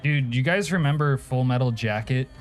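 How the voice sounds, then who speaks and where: A man from Alaska talks at a mid pitch while streaming a game. He answers his chat with crude, joking banter and laughs often. Quiet music plays faintly behind him. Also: moderate pace. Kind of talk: casual live-stream chat.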